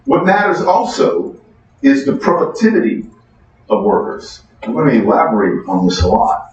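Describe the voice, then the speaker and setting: A middle-aged man giving a university economics lecture, conversational and animated, asking the class questions, recorded from far off in a large lecture hall. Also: on the high side, moderate pace. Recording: distant echoey hall, dull sound.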